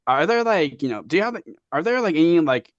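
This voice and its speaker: A man's voice: fairly high pitch, big pitch swings, fairly quick, no echo, highs cut off. A man co-hosting a podcast, asking a guest questions in a casual, hesitant way. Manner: hesitant, many fillers while asking. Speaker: podcast co-host. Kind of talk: casual interview chat.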